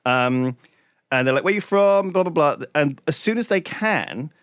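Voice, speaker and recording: A man's voice: mid-range voice, expressive, unhurried, a bit bright, no echo, studio quality. A young man, a podcast co-host, telling a story in a rambling way full of "like" and restarts. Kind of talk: casual podcast chat.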